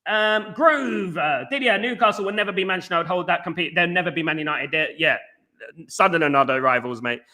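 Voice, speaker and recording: Guy on a football fan livestream, high bright voice, rattling off chat shoutouts nonstop. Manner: rapid, animated, reads out chat messages with banter. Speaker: fan channel host reading live chat. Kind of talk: fast casual live-stream chat.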